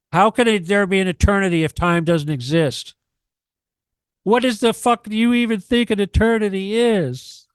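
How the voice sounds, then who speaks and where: A man's voice: fairly high pitch, clean tone, no echo. Profane, preachy man on a dry mic. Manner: profane, emphatic, preachy, repeats himself. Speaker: guest on a radio talk show. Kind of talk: ranting radio talk.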